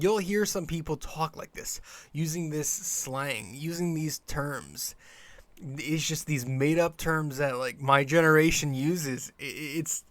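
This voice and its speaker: A man's voice: a little high, a bit bright, no room sound. A young man hosting his own podcast, rambling casually with lots of fillers and restarts. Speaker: podcast host. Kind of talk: casual solo podcast monologue.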